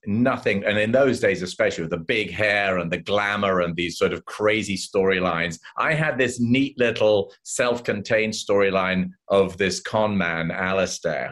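An older English man, an actor guest, telling animated stories in an interview and acting out the voices of the people in them. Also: deep voice. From England. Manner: animated anecdotes, acts out voices of others. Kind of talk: casual interview storytelling.

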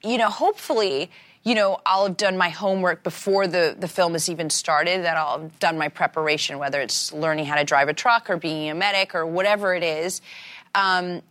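A woman guest on a talk show with a fairly low voice. She answers thoughtfully, with many fillers and repeated words. She agrees readily with the host. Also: a little fast, fairly bright tone. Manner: agreeable, often says exactly and yeah. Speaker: actress, interview guest. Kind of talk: casual interview chat.

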